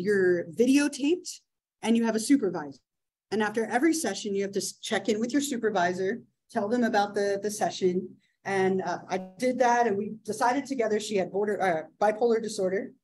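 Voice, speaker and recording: A woman's voice: mid-range voice, a little fast, darkish tone, low-quality recording. Chatty woman teaching with a story. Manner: chatty, many fillers and "right?" asides. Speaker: psychology instructor. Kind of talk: classroom storytelling lecture.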